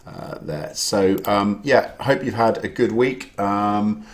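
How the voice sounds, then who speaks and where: A man's voice: fairly low pitch, takes it slowly. A man hosting an online quiz, chatting casually and greeting viewers by name. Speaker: quiz host. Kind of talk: casual live-stream chat.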